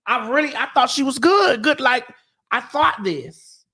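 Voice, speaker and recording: High-voiced woman ranting bluntly on air. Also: a little slow. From Miami-Dade, Florida. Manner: animated, profane, blunt ranting. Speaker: morning show host. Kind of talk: casual talk-show storytelling.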